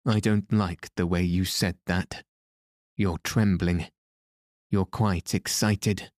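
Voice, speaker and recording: A man's voice: deep voice, fairly even intonation, slow pace, darkish tone, dry recording, clean studio sound. A man reading the lines of a menacing, jealous masked man in an audiobook, with a threatening delivery.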